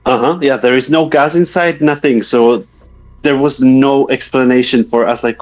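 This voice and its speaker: A man's voice: medium pitch, steady tone, normal speed. A man telling a guest's ghost story in a casual, hesitant way, often searching for words. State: a little shaky from reliving memories.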